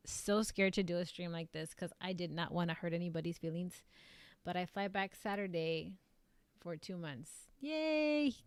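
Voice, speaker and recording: A woman's voice: lowish voice, clean tone, no room sound. A young woman chatting casually on her live stream, rambling and filling her talk with likes and ums. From United States.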